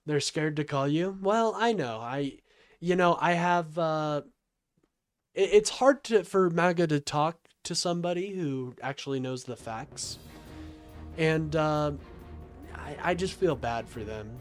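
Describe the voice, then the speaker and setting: A man's voice: fairly high pitch, unhurried, soft background music. Sarcastic, argumentative young man. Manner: argumentative and sarcastic, often says "my friend". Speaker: livestream host taking calls and reading chat. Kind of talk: casual political livestream talk.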